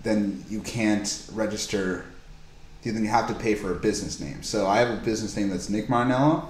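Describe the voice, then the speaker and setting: A man from Canada, a comedian guest on a casual comedy podcast, ranting and stammering with a dry deadpan delivery. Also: lowish voice, moderate pace, roomy sound, a little hiss or hum.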